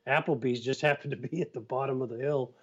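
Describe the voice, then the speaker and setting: A man's voice: mid-range voice, fast talker. Man telling a story, dull lo-fi sound. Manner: relaxed storyteller with "you know" and "uh" fillers. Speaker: TV series co-host. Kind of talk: casual chat.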